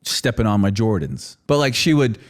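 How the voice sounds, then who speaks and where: A man's voice: fairly low pitch, big pitch swings, normal speed. Laid-back man in his thirties. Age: 30s. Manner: rambling, laughs often, fillers like "like". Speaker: podcast guest. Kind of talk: casual chat.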